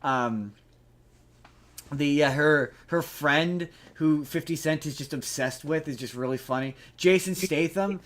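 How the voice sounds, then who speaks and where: A male podcast host talks through a movie in loose, rambling chat, restarting sentences and swearing casually. His voice sits a bit high for a man. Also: a little slow. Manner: rambling, animated, swears freely, many restarts.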